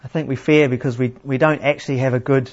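A man preaching a sermon in a plain, unhurried teaching manner, asking his listeners questions. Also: mid-range voice, fairly even intonation. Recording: slightly dull, lo-fi sound.

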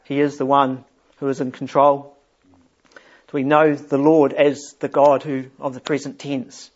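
A man's voice: medium pitch, little pitch movement, measured pace, muffled recording. A man leading an informal Bible study for a group, chatty and often chuckling as he explains a psalm.

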